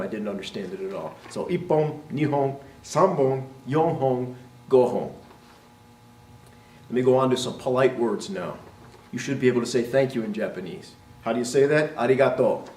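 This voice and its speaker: Talking to camera, a man teaching martial arts explains terminology and demonstrates how to pronounce it, frequently adding "right?". His mid-range voice sounds a little mellow, heard from a distance in a roomy recording with a little hiss or hum.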